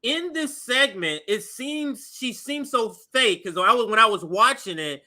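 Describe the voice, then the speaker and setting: A man's voice: very high-pitched, animated, a little slow, pushed and bright. A man hosting a casual political commentary show, laughing easily and talking in loose asides. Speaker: host.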